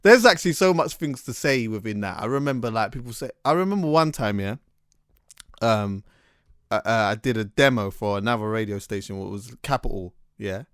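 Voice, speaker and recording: A man hosting a casual chat, telling stories in an animated, slangy way with many restarts. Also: lowish voice, a little fast, smooth, no room sound, clean studio sound.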